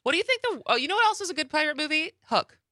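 A woman hosting a radio talk show, animated and quick to laugh, her pitch swooping up and down. Her voice is bright and forward, recorded dry and close in a studio. She reads announcements between bursts of giggles. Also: no echo. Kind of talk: casual studio chat.

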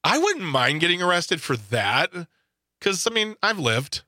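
Man in his 40s, radio co-host, jokey self-deprecating banter, bright tone, dry mic. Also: fairly high pitch, big pitch swings, measured pace, no echo. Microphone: studio microphone.

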